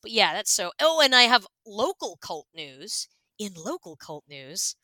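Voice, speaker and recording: A woman's voice: medium pitch, measured pace, dry recording. A woman co-hosting a podcast, telling a story in casual chat and acting out the voices in it, with lots of fillers. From Washington state, US. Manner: animated, acts out voices in quotes, many fillers. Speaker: podcast co-host.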